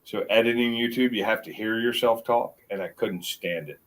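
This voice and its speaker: A middle-aged man with a mixed American accent, chatting casually as a guest on a livestream and rambling with halting restarts. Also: lowish voice, fairly bright tone, rough recording. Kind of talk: casual chat.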